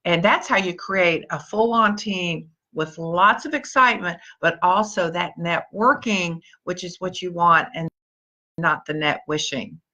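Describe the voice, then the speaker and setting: A woman's voice: fairly low pitch, unhurried, sharp tone. A woman leading a live-stream pep talk, encouraging her team and greeting viewers by name in an upbeat way. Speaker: motivational speaker and team leader.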